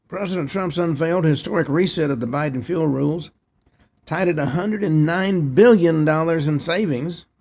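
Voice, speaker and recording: Gravelly-voiced male news commentary host. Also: medium pitch, a little mellow. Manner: reads headlines and adds opinionated asides.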